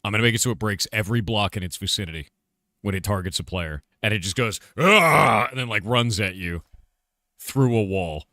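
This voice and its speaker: Brisk and lowish, a game developer's voice comes through dry, clean studio sound as he casually engages his livestream chat. He throws questions at viewers, reflects aloud and lets out animated, emphatic outbursts.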